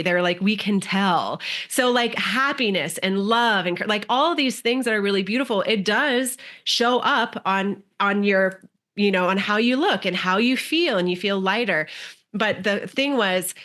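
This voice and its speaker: Woman coach on a podcast, a bit low-voiced, drifts along in a soft spiritual way. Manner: flowing, spiritual, dreamy phrasing. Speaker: guest, creative coach. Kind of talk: podcast conversation.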